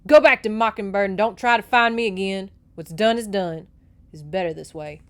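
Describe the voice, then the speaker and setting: A woman voicing a stern young male soldier who shouts curt orders. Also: medium pitch, normal speed, natural voice. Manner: curt, shouting over a storm.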